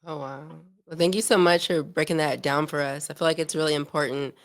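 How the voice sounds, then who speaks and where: Woman, podcast host, smooth clear voice, affirming, asks questions. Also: low voice, fairly even intonation, brisk. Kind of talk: interview questions.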